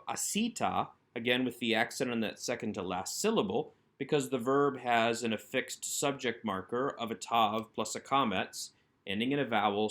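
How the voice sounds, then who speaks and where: A man's voice: mid-range voice, fairly bright tone. A man teaching Hebrew grammar in a recorded workbook lesson, patiently and methodically explaining each word.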